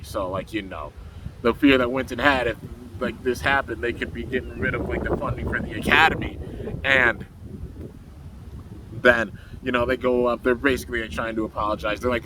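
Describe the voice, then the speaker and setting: A man's voice: mid-range voice, steady tone, moderate pace. Young man, casual rambling recap, frequent laughs, mid-range voice, faint background hum. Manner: rambling, laughs often, acts out character lines. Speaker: anime reviewer.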